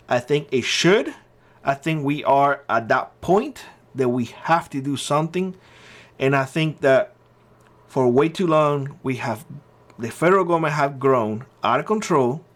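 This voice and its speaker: A man hosting his own channel, giving blunt opinion commentary and hammering his points by repeating short phrases. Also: medium pitch. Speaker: channel host.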